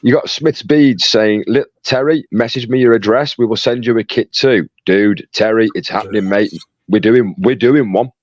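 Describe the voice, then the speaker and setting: A man's voice: lowish voice, moderate pace, no room sound, dull audio. A man co-hosting a casual livestream, reading out chat messages in a jokey, chatty way. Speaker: co-host reading live chat.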